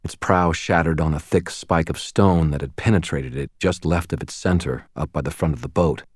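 Man, audiobook narrator, very low voice, dry close sound, steady first-person storytelling. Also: normal speed, no room sound.

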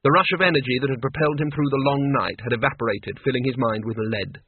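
Male audiobook narrator, measured and husky, thin phone-like dry recording. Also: mid-range voice, dry recording. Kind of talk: scripted narration. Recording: tinny narrow-band dry recording.

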